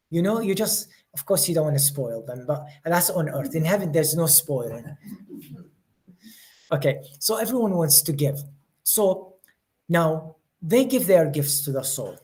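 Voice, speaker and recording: Male religious teacher, earnest, often repeats words while finding his phrasing, live study-group session. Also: a little high. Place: study day session room with listeners.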